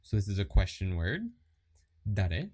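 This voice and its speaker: Chatty man explaining, lively pitch. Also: a little slow. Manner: relaxed and chatty, reads and repeats example sentences. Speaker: Japanese learner teaching lessons. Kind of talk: casual lesson explanation.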